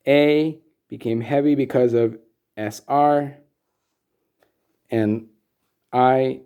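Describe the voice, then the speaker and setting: A man's voice: mid-range voice, warm tone. A man teaching Sanskrit meter in a recorded lesson, explaining things patiently and methodically with frequent ums.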